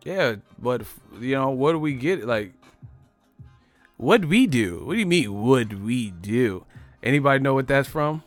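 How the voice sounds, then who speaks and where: A man hosts a live stream, firing off profane riffs at his chat and breaking into laughter. His voice sits in a middle pitch, dry and close, with faint music behind him. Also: lively intonation, moderate pace, dry recording. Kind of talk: casual live-stream commentary.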